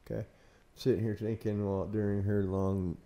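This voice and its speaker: A man's voice: fairly low pitch, flat delivery, normal speed, dark tone. Man, caretaker of a haunted building, rambling interview storytelling, lots of uhs and ums. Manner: rambling, hesitant with many fillers, laughs at himself.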